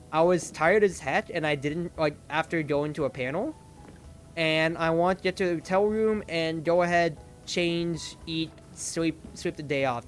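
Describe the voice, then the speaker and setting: A young adult streamer chatting casually on a desk microphone. The talk is loose and rambling, full of "like" fillers and restarts. Faint game music plays softly behind the voice. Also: mid-range voice. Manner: rambling storytelling, heavy use of "like". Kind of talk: casual stream chat while playing.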